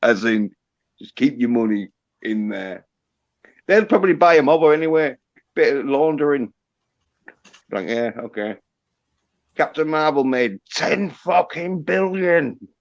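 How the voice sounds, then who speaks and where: A man's voice: mid-range voice, expressive, measured pace, long pauses, lo-fi sound. An Englishman chatting casually on a live stream, rambling and swearing as he jokes. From England. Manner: rambling, profane, joking.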